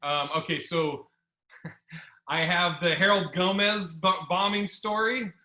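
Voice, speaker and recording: Bright, high-voiced man telling stories in a roomy space. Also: slow pace. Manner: rambling, animated, acts out quotes. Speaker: podcast host. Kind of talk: casual storytelling chat. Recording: roomy echo.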